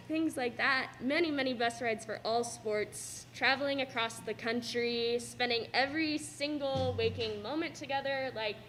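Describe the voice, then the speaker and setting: Young woman athlete, tearful, rambling speech, higher pitch. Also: expressive, measured pace, fairly bright tone, slight background noise. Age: young adult. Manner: laughs through tears, rambling. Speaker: student athlete giving a signing speech. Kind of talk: emotional thank-you speech. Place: school cafeteria.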